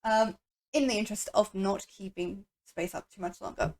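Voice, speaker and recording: A woman's voice: mid-range voice, fairly even intonation, moderate pace, a little mellow. A woman from the United States narrates and runs a tabletop game on stream. She is chatty and self-deprecating, with frequent laughs between her lines. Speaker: game master.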